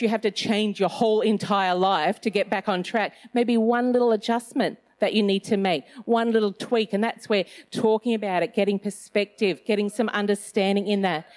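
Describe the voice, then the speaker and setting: A middle-aged woman giving a casual Christian talk, chatty and self-mocking, with loose phrasing and plenty of fillers. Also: mid-range voice. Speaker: Christian speaker.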